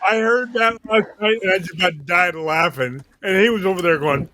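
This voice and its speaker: A man's voice: high voice, moderate pace, bright, forceful tone. A man co-hosting a casual talk show, joking and teasing in banter.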